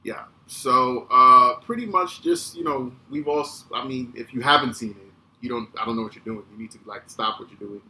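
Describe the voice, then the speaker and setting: A man in his thirties hosting a podcast, telling a casual, animated, profane story. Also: mid-range voice, moderate pace, hardly any pauses. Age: 30s. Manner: animated, profane, acts out quotes. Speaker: podcast host. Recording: echoey room with faint ambient noise.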